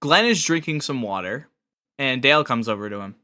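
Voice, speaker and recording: An animated man runs a tabletop game as game master. His voice rises and falls freely, and the tone is bright. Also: medium pitch. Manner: animated, switches between voices quickly. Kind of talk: narrating a tabletop zombie game.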